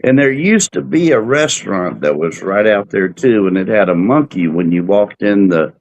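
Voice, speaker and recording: Guy, lowish voice, laid-back storytelling in casual chat. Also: moderate pace, highs cut off. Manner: storytelling, relaxed with fillers. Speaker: host.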